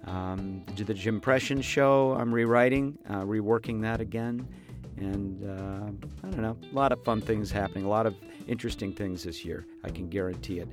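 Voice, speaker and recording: Laid-back male host, lowish voice, chatty and rambling, faint guitar underneath. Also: moderate pace. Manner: easygoing, rambling. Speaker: podcast host. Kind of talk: casual chat.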